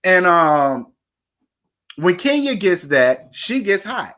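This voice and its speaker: A reality TV recap host giving blunt, profane opinions in a casual, chatty way. The voice sits at a middling pitch and keeps talking straight to the viewers. It swings suddenly between fast, high outbursts and slower, lower asides. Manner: animated, with sudden jumps in pitch and speed.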